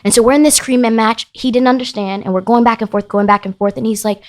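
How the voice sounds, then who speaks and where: Woman podcast guest, mid-pitched, animated and emphatic storyteller. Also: fast talker, few pauses. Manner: emphatic, animated, rising into heated retelling. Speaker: podcast guest, business founder. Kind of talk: casual interview storytelling.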